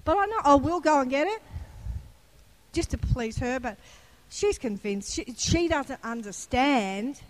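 A woman's voice: sits high, lively intonation, unhurried. A woman preacher giving a sermon, telling a personal story in a chatty way and rising into fervent, emphatic preaching. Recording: long hall reverb.

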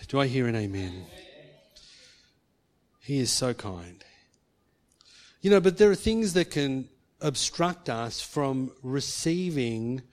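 A man's voice: mid-range voice, darkish tone. A man preaching a sermon, earnest, acting out quoted speech and rising to emphatic peaks. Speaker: pastor.

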